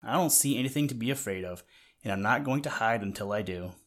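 A man voicing a stubborn, gruff old male frog in a children's storybook reading. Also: fairly low pitch, expressive, fast.

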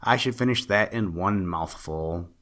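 Offhand glutton, put on by a male narrator, low voice. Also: measured pace, fairly bright tone.

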